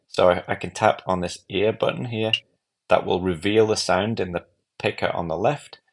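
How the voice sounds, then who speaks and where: A man giving a calm, methodical step-by-step walkthrough of a music app. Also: deep voice. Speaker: app tutorial presenter. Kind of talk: screen-recorded software walkthrough.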